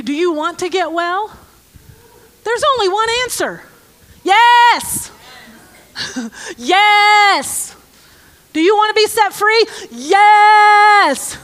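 A woman with a very high, bright, ringing voice delivers a sermon to a church congregation. She reads scripture at a slow, measured pace and then drops into wry, sarcastic commentary. She talks to the crowd directly and casually. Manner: joking, sarcastic asides to the congregation; slow, deliberate scripture reading. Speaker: preacher. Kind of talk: conversational sermon with Bible reading.

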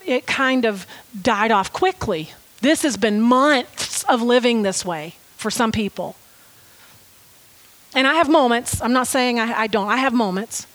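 A woman preaching a sermon, telling a story with lively, animated delivery and acting out quoted lines. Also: a little high.

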